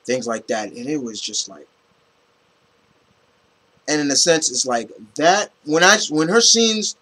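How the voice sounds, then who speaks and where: A man giving a casual, rambling movie review, animated and full of restarts and fillers. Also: fairly high pitch, a little slow, low-quality recording.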